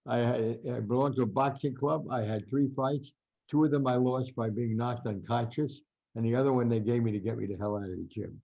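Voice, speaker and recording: Older male storyteller, gravelly, husky, animated, dull lo-fi audio. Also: mid-range voice. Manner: animated storyteller, acts out quotes loudly. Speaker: guest boxing writer. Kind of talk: storytelling interview.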